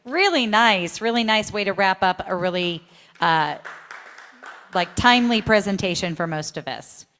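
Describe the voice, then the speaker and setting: A woman's voice: medium pitch, expressive, normal speed, fairly bright tone, long reverb tail, a little hiss or hum. A woman hosting an online summit, chatting loosely with fillers as she introduces the next speaker. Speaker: event host.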